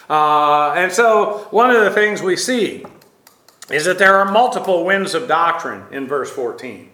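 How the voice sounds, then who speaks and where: A man's voice: high-pitched, sharp tone, roomy sound. A middle-aged male pastor preaching a sermon in a rambling, conversational way, full of fillers and asides.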